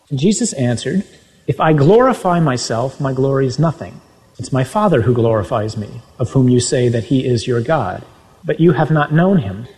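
A man's voice: mid-range voice, dark tone, rough recording. A man preaching a sermon, reading scripture aloud and driving his points home with sudden emphatic rises. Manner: reads scripture aloud with emphatic, rising exclamations.

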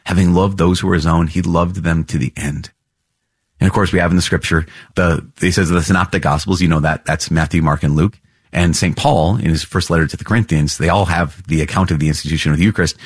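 A man hosting a podcast, teaching in an earnest, animated way with warm storytelling and chuckles. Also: sits low, fast, slightly rough, no echo, clean studio sound. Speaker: priest podcast host.

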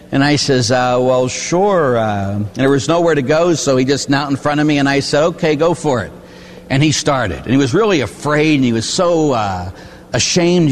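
A man's voice: medium pitch, long reverb tail. A man who is a Catholic priest, preaching a sermon in an emphatic, conversational storytelling way.

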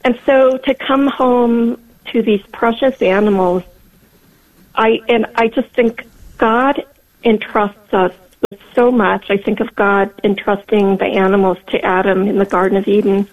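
Female caller, fifties, gravelly fry, phone-line sound, soft and reflective. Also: medium pitch, steady tone, measured pace. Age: 50s. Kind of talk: call-in radio chat.

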